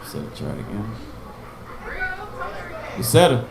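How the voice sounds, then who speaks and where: A man's voice: on the low side, sing-song, measured pace, gravelly, echoey room, very noisy. A man teaching an informal Hebrew class, patiently sounding out and repeating each word and giving memory tricks. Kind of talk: informal online language lesson.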